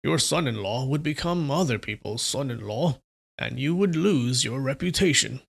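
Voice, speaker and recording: A man voicing a ruthless old male demonic sect leader, reading him loud, boastful and threatening. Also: medium pitch, expressive, moderate pace, gravelly, breathy edge. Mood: gloating.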